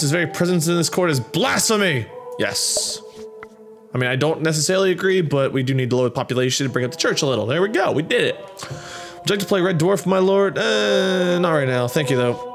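A man's voice: on the high side, lively intonation. A young man casually commenting on a game, reading its text aloud and reacting with wry asides. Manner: chatty, wry, bouncing between reading and quick reactions. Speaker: gameplay commentator. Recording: game music playing behind the voice.

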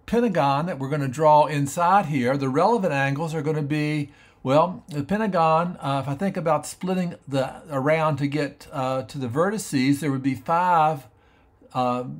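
A man teaching math on a screencast, explaining step by step in an unhurried way and often stopping to rethink his wording. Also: fairly high pitch. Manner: thinking aloud with frequent fillers and restarts. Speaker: math educator.

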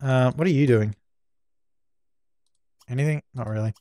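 A man's voice: mid-range voice, a little slow, warm tone, dry recording, studio quality. A young man doing let's play commentary, bossy and exasperated as he scolds the characters on screen. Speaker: gaming channel host.

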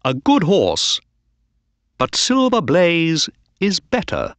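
A man playing a quietly confident detective from a storybook, speaking calmly and with measure. His slow speech rises and falls widely on a close, dry sound. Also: fairly high pitch, no echo, pitched above the performer's own voice, heavily acted. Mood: watchful. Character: calm, knowing male detective, quietly confident.

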